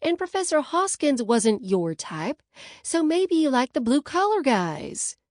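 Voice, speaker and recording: A woman's voice: high-pitched, very animated, measured pace, darkish tone, no room sound, studio quality, pitched above the performer's own voice. A woman voicing a playful, teasing young bride-to-be in an audiobook, bubbly and pushy. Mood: coaxing. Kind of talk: audiobook character voice.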